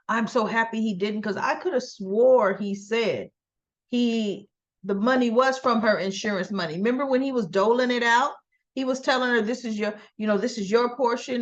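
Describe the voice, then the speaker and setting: A woman host casually recapping a soap opera episode, retelling the scenes in quoted dialogue and adding sarcastic asides. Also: medium pitch. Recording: dull lo-fi recording.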